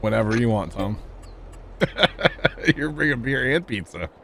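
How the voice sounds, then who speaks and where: A man's voice: medium pitch, big pitch swings, measured pace, vocal fry, sharp tone. A man streaming a farming game, chatting casually in a joking, wry way and talking to his chat. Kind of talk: casual chat while gaming.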